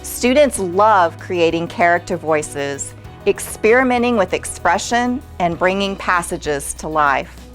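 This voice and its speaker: A woman with a somewhat low voice reads a scripted voice-over for a teacher-training video. Her delivery is clear and measured, carefully explaining each point. Soft music plays faintly underneath. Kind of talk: scripted narration.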